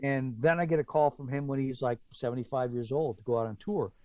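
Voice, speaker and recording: A man telling stories as a guest drummer in a casual chat, acting out quotes in a higher voice. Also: brisk, no echo. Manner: animated, acts out quotes with raised pitch. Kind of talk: casual storytelling.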